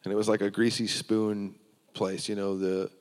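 A man's voice: lowish voice, level tone, moderate pace. Man giving testimony in a reverberant hall. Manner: earnest storytelling with restarts. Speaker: preacher sharing his testimony. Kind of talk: personal testimony.

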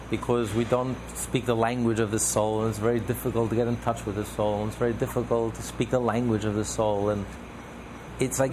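A man leads a text study class in a gravelly voice, stacking phrase on phrase as he explains. His speech builds through repetition. A steady hum of air conditioning and room noise sits behind him. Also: medium pitch. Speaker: Torah teacher.

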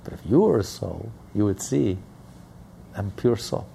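A man voicing an elderly, gentle Hasidic rebbe with a Polish Yiddish accent, explaining patiently. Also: on the low side, sing-song, a little slow, gravelly, slight background noise, exaggerated voice. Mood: gently explaining.

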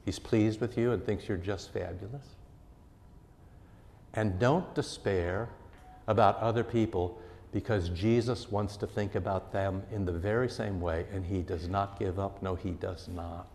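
Low-voiced man preaching in a reverberant hall. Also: fairly even intonation, moderate pace, vocal fry. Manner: earnest, emphatic preaching with swings in loudness. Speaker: pastor. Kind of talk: sermon.

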